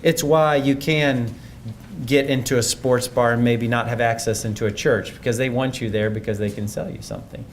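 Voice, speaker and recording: Man, mid pitch, conversational lecture, thoughtful, restarts, faint rumble behind. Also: steady tone, normal speed. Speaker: speaker. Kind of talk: conference presentation.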